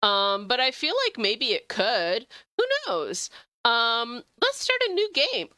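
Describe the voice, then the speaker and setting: A young woman streaming a game, chatting with viewers in a bubbly, gushing way, jumping high when excited. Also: slow pace, no room sound. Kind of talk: casual gameplay stream chat.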